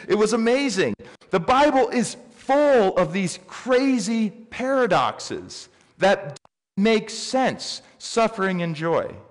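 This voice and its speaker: Animated preacher in a reverberant hall. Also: male voice. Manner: animated storyteller with big pitch swings. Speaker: pastor. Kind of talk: sermon.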